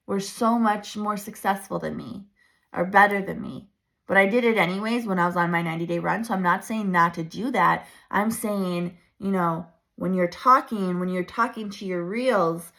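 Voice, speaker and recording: A woman in her thirties coaching her viewers in a chatty, animated way, laughing often. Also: mid-range voice. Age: 30s. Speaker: branding coach. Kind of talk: casual coaching talk to camera.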